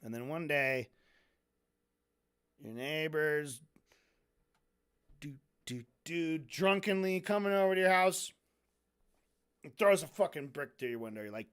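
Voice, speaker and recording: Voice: medium pitch, expressive, measured pace, pauses often, a bit bright, clear, resonant tone. A stream host going over a debate in casual, sarcastic commentary. The host swears freely and mocks the debaters by acting out their lines, and sips coffee between points. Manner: sarcastic and heavily profane; drinks coffee between remarks.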